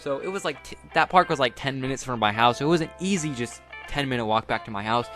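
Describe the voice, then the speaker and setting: A teenage boy tells a story in a loose, rambling way, full of filler words and restarts. His voice sits at an ordinary middle pitch. Faint music plays underneath. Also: animated, fast talker, pushed and bright. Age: teens. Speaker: vlogger. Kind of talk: casual storytime.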